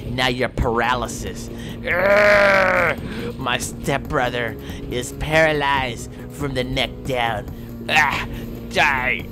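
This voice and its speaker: A man's voice: mid-range voice, fairly even intonation, slow pace, music in the background. A man playing a video game and commenting playfully, taunting his opponent in a theatrical mock-villain manner with old-fashioned phrasing and sound effects. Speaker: gameplay commentator.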